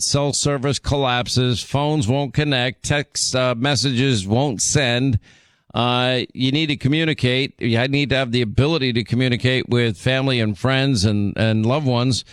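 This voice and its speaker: A man's voice: mid-range voice, a bit bright, clean tone, no room sound, clean studio sound. A man hosting a talk radio show, bantering and teasing his co-host before moving into a scripted read. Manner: playful, teasing, quick back-and-forth.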